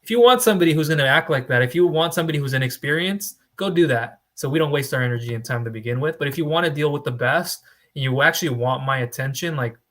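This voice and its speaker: A man's voice: medium pitch, a bit bright. A young man, a small business funding broker, giving blunt tough-love advice straight to camera and firing off rhetorical questions. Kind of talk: direct-to-camera advice talk.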